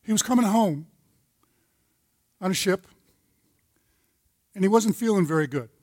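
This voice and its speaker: A man's voice: high-pitched, lively intonation, a little slow, a little mellow, no room sound. A retired older man teaching a men's Bible study, telling a folksy story and citing scripture. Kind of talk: sermon-style teaching.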